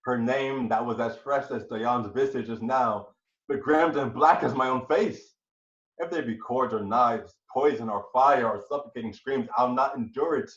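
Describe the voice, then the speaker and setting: A man reading the part of a jealous, vengeful male general in an amateur Shakespeare reading, swinging between hushed brooding and raging outbursts. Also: mid-range voice, moderate pace, reverberant, dull audio, natural voice. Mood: jealous rage.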